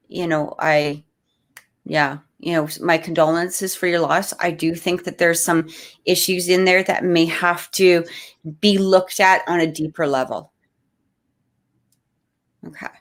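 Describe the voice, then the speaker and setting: A woman doing psychic readings on a live stream, talking gently and haltingly with many restarts. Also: fairly low pitch. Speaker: psychic reader.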